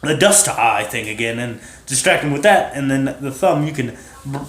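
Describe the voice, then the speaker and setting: A man's voice: medium pitch, expressive, normal speed, a bit bright, close to an everyday voice. A man voicing a bumbling, clumsy male misfit hero who fumbles his words. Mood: hopeful. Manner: fumbling, hopeful. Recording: roomy echo.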